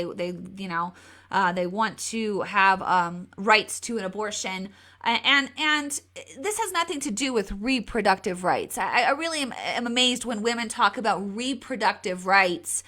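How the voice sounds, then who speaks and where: A woman hosting a live political commentary video, emphatic and given to repeating words as she talks. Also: pushed and bright. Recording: re-downloaded lower-quality video.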